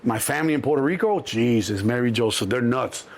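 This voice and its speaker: Gravelly animated man telling stories. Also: mid-range voice, fairly quick. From Chicago. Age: middle-aged. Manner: animated, acts out quotes loudly, swears freely. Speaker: guest. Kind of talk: storytelling interview.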